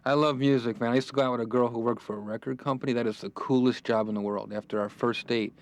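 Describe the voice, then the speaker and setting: A man's voice: mid-range voice, steady tone. A man doing a stand-up comedy routine, telling jokes and acting out quotes from the people in them. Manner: rapid joke-telling with acted-out quotes. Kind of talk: stand-up routine within a sitcom.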